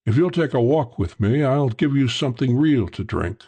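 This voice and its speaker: A man voicing a dissipated Englishman under forty with a slight British accent, suspicious and smooth. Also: medium pitch, animated, moderate pace, dark tone, pitched above the performer's own voice.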